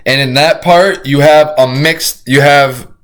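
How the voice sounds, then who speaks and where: Excitable profane man reacting to a video. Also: medium pitch, unhurried. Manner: excitable, profane, rambling with restarts. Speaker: streamer reacting to a crime video. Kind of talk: casual reaction commentary.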